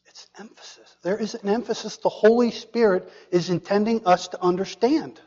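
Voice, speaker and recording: A man preaching a sermon, asking the congregation questions and dropping to a hushed whisper for emphasis. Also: high voice, fairly even intonation, moderate pace, long reverb tail, dull audio. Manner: dramatic, drops to a hushed whisper for emphasis, asks the audience questions.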